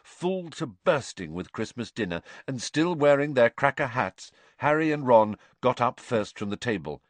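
A middle-aged man narrating an audiobook in a measured, expressive way. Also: medium pitch, no echo. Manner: expressive, measured, varied intonation.

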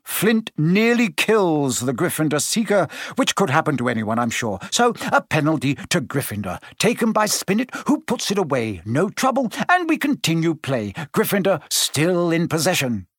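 A man's voice: a little high, big pitch swings, breathy edge, no room sound, clean studio sound. A man voicing a cheeky young sports announcer. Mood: lively, teasing. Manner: quick, teasing play-by-play.

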